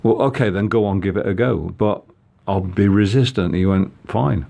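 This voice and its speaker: Guy with a deep voice, stumbles and restarts a lot while telling his story. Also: creaky, mellow. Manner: halting, many restarts. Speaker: guest. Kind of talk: casual storytelling.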